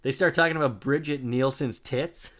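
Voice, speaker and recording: A man's voice: medium pitch, normal speed, fairly bright tone. Laid-back man recapping a show. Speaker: podcast co-host. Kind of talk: casual chat recapping a TV episode.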